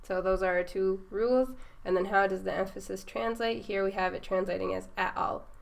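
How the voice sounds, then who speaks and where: A woman explains grammar rules to a learner in a patient, steady teaching voice. Her tone has a slight gravelly edge. She checks in often to make sure the student follows. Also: mid-range voice, fairly quick. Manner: patient, checks understanding with "right?".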